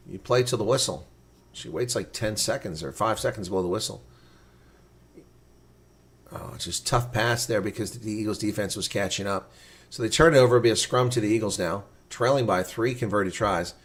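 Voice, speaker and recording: A man giving live reaction play-by-play commentary, excitable and blunt, his voice climbing sharply during big plays. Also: lowish voice, fairly quick. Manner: blunt and opinionated.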